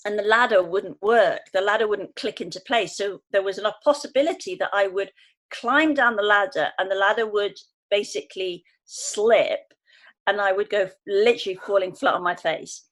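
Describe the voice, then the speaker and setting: Animated storytelling woman in her fifties. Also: mid-range voice, normal speed. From England. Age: 50s. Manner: animated storyteller, acting out quoted voices. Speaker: guest. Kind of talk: conversational podcast interview.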